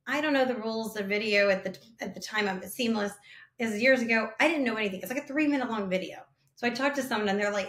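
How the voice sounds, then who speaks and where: A woman in a roomy, echoing space tells a story in a relaxed, casual way. She talks fast and loose, with plenty of "like" and restarts. She acts out the voices of the people in her story as she shares her sales tips. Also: a little high. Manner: animated, chatty, many fillers, acts out quotes. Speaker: founder sharing sales advice. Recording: roomy echo.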